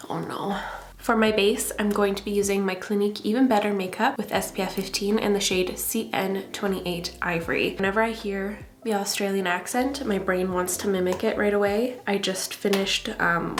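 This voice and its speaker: Young woman from Canada, relaxed and chatty, mid-pitched, some room echo. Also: normal speed, hardly any pauses, slight background noise. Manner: chatty, relaxed product talk. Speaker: makeup vlogger. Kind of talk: casual makeup tutorial chat. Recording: roomy echo.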